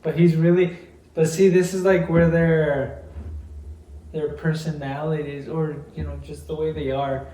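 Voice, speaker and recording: A woman with a very low, deep voice chats casually with a friend, reacting and musing in loose half-sentences. She sits away from the mic in a roomy space with a faint hiss. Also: a little slow. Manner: relaxed, agreeing, short reactions and musings. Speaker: podcast co-host. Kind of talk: casual chat. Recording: echoey room, mic at a distance, faint noise.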